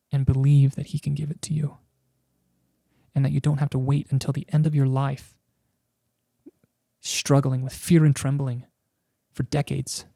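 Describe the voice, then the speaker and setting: Earnest creaky-voiced man telling his faith story. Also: mid-range voice, warm tone, no room sound, studio quality. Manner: earnest, storytelling with frequent likes and restarts. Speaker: podcast guest. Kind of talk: personal faith testimony.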